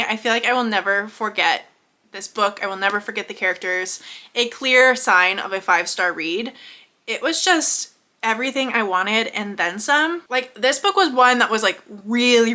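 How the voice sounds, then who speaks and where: A woman's voice: mid-range voice, bright, forceful tone. A young woman chatting casually in a vlog, gushing emotionally about books and often repeating herself. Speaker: book vlogger. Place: home.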